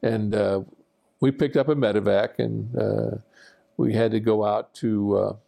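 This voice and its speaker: A man's voice: on the low side, fairly even intonation, measured pace, gravelly, warm tone. An older man, a former military pilot, telling a rambling, self-deprecating personal anecdote with fillers and restarts. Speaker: veteran pilot recounting war memories.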